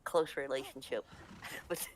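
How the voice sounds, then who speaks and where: A woman's voice: rumbling low, unhurried. A woman from the United States telling a funny gaming anecdote in casual chat, laughing often. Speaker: storyteller.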